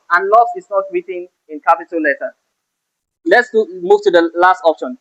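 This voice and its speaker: High-voiced teacher. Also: male voice, expressive, brisk, a bit bright. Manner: stresses key words sharply when giving examples. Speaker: English teacher. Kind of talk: exam-prep lesson. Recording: slightly dull lo-fi sound.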